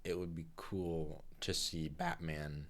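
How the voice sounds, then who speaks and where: Deep-voiced man chiming in. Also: flat delivery, slow pace. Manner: quiet listener, mostly short agreeing murmurs. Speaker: podcast co-host. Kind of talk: casual chat.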